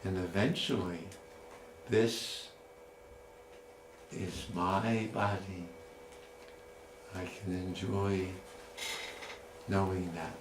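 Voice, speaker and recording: A man telling a personal story in a slow, deliberate way, speaking directly to his mother. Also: low-pitched, steady tone, noisy background. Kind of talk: autobiographical storytelling performance. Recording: roomy with faint ambience.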